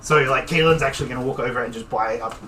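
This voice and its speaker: A man's voice: medium pitch, quick pace. Man, British accent, dungeon master, laughs a lot, rambling, far from mic, noisy background. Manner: laughing often, loose and rambling. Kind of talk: narrating a tabletop game. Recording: distant mic with background noise.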